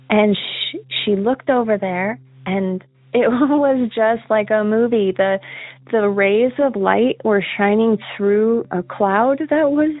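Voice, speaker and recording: A woman's voice: medium pitch, no echo. Woman telling a story over a tinny phone line. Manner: earnest, laughs often while telling. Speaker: caller telling a personal story. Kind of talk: casual spoken storytelling.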